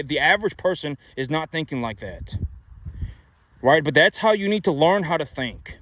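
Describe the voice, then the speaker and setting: A man's voice: on the high side, a bit bright. A man giving money advice in a casual, emphatic monologue, repeating himself and asking rhetorical questions. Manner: repetitive, emphatic, many rhetorical "right?" asides.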